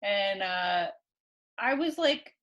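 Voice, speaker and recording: A woman co-hosting a casual podcast chat, with dry, amused, deadpan delivery. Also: medium pitch, takes it slowly. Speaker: podcast co-host.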